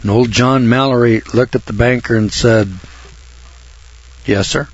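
A man's voice: medium pitch, steady tone, lo-fi sound. Older man telling a rambling folksy story. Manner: rambling, halting delivery with frequent clears of the throat. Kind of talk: folksy spoken anecdote.

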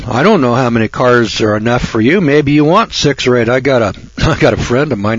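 A man's voice: mid-range voice, lively intonation, moderate pace, slightly rough, no room sound, dull audio. A man hosting a radio talk show, ranting in a folksy, sarcastic monologue that rambles and often restarts.

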